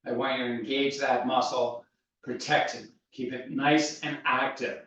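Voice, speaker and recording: A man leading a guided workout with calm, steady coaching cues, out of breath. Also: mid-range voice, unhurried. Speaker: fitness instructor. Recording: echoey room, voice from far off, dull sound.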